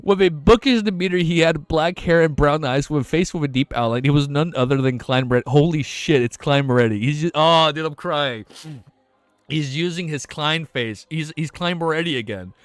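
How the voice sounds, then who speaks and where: A young man reads a web novel aloud on a live stream, pitched slightly high for a man. He keeps breaking off to react with swearing, laughter and shouts. The sound is dry and close, with no room around it. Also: moderate pace, no room sound.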